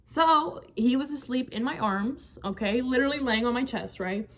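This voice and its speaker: A young woman telling a frank, animated storytime to her viewers, full of slang and "like". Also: sits high, moderate pace, slight background noise. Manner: animated, frank, slangy, many fillers like "like" and "bro". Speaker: vlogger. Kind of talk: casual storytime chat.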